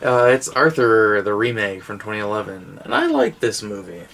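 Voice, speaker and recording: A man co-hosting a casual chat, making quick wisecracks while going over movies. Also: lowish voice, very animated, creaky, fairly bright tone. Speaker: co-host.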